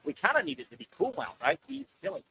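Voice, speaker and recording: A man hosting a live radio show from an open-air oyster bar, chatting loosely and joking in a rambling, animated way. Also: high-pitched, fast, a little hiss or hum, poor audio. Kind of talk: casual radio chat.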